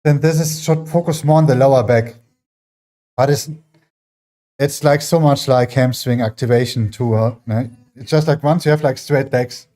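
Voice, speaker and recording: A man's voice: mid-range voice, steady tone, normal speed, dark tone. A man with a German accent, a fitness livestreamer, chatting casually and rambling with many fillers while training in his home gym. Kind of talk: casual chat while working out.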